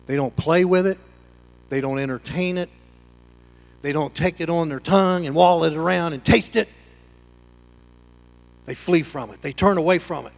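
A man preaching a sermon as pastor, swinging between loud emphatic lines and hushed ones. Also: high-pitched, moderate pace, pauses often. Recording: long hall reverb.

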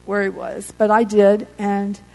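Woman, earnest faith testimony, halting and heartfelt, warm mellow tone. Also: mid-range voice, monotone, low-quality recording. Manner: earnest, halting, emotional storytelling. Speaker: accident survivor giving testimony.

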